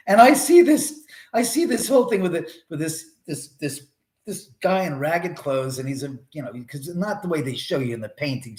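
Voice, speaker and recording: Rambling profane man, echoey room. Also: a little high. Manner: rambling, profane, restarts often. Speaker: live stream host. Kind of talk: casual storytelling on a live stream. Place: his own home. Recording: roomy echo.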